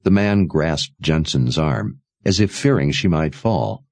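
A man narrating a story in a dramatic, expressive way. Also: rumbling low, measured pace, gravelly, hardly any pauses, no room sound. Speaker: audiobook narrator. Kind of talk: scripted narration.

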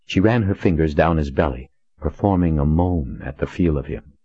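A man with a very deep, husky voice reads a story aloud in a steady, deliberate way. The sound is dry and close, with a dull, muffled tone. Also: no room sound. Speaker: audiobook narrator. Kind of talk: scripted narration.

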